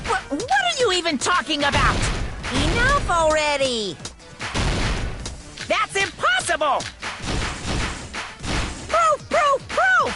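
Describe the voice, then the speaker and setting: Game voice acting, taunting bear mascot, shrieking high, mocking sing-song, loud music behind. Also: wildly swooping pitch, takes it slowly, pauses often, heavily acted. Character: mischievous taunting bear mascot, gleeful and cruel.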